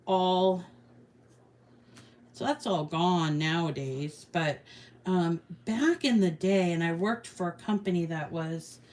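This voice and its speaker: Her voice is on the low side and a little mellow, and she takes her time. The speaker is a middle-aged woman running a relaxed crafting tutorial, rambling along in a chatty way and poking fun at herself with laughter as she works.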